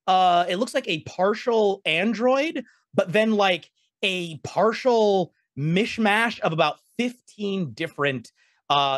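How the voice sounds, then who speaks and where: Animated male game master, dry close mic. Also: on the high side, dry recording. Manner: animated, rambling narration with fillers and restarts. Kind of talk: narrating a tabletop game.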